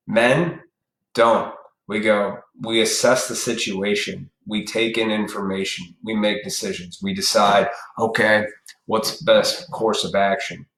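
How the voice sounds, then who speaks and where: A man's voice: on the low side, a bit bright. Blunt, profane man ranting on a live stream. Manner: blunt, profane, preachy, talks straight to viewers. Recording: echoey room.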